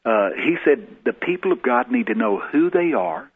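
A man's voice: mid-range voice, very animated, moderate pace, slightly rough. A man, a guest minister, telling a testimony in a folksy storytelling way. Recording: tinny phone-like radio broadcast.

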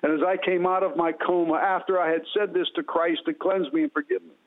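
A man's voice: high-pitched, little pitch movement, fairly quick. A man giving an impassioned, preacherly testimony and leading a prayer as a guest. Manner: impassioned, preacherly, repetitive phrasing. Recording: tinny phone line.

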